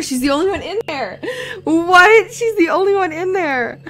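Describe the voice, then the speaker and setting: A woman's voice: very high voice, big pitch swings, moderate pace, a bit bright, soft background music. A young woman playing a game and commenting on it, jumpy and nervous, often laughing. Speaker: let's play host.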